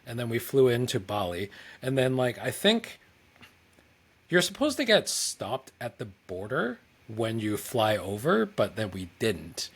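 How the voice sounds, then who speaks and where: A man's voice: medium pitch, very animated, a little slow, fairly bright tone, husky. A young man co-hosting a podcast, telling a story in a loose, rambling way, full of fillers, acting out the people he quotes. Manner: rambling, lots of "like", acts out quoted dialogue. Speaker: podcast co-host. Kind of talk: casual storytelling chat.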